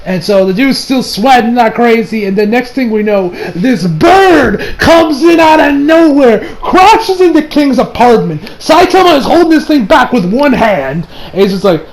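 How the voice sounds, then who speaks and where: A man's voice: very high-pitched, lively intonation, moderate pace, hardly any pauses, low-quality recording. A young man giving a rambling, casual recap of an anime episode, acting out the characters' lines and laughing as he goes. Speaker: anime reviewer.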